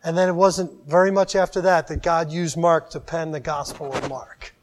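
A man preaching a sermon, animated, with loud emphatic phrases that drop into quiet, drawn-out endings. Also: a little high, slight background noise.

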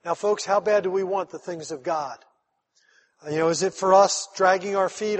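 A man's voice: high voice, normal speed. A man, a pastor, preaching a conversational sermon that builds to emphatic, rising calls to his congregation. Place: church sanctuary. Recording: long hall reverb.

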